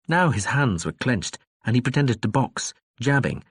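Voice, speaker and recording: A man narrating an audiobook in a calm storytelling manner. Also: mid-range voice, moderate pace, hardly any pauses, slightly rough, no echo, studio quality. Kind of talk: scripted narration.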